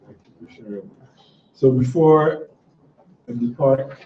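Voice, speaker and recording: A man's voice: mid-range voice, takes it slowly. Guy teaching a class, chill and encouraging, muffled lo-fi sound with faint hiss. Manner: relaxed, conversational, encouraging. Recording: dull, roomy sound from a distant mic.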